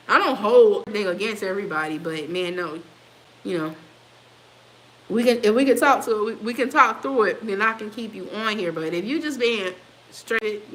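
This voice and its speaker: A woman's voice: mid-range voice, a bit bright, a little hiss or hum, low-quality recording. A woman in her fifties hosting a casual livestream, reading viewer comments aloud and answering them with frequent laughter. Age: 50s. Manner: laughs often, talks back to commenters. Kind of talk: casual chat.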